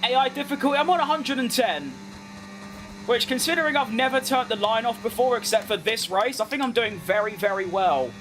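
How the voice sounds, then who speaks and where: A young man with a British accent, chatting casually as he streams a racing game, reacting fast and poking fun at himself. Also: very high voice, noisy background. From United Kingdom. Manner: chatty, quick reactions to the race, self-mocking. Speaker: gaming streamer. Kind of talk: live gameplay commentary while reading chat.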